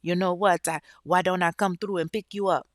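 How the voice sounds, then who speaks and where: Woman doing a sweet-talking man with a rough Jamaican accent. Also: fairly even intonation, a little fast, dry recording, lightly acted. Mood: coaxing. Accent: attempted Jamaican. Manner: sweet-talking, low and coaxing. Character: smooth-talking grown man flirting, trying a Jamaican accent.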